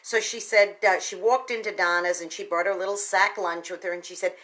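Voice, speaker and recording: A woman hosting a radio talk segment, retelling a story with expressive, folksy emphasis and speaking straight to her listeners. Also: on the low side, brisk, low-quality recording. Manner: folksy, addresses listeners directly. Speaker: radio station general manager.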